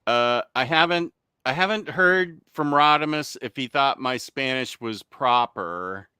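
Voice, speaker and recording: Bright, crisp-voiced man hosting a chat. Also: medium pitch, measured pace, dry recording, clean studio sound. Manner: chatty, laughs often, loses his train of thought. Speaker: livestream host reading chat. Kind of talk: casual live chat.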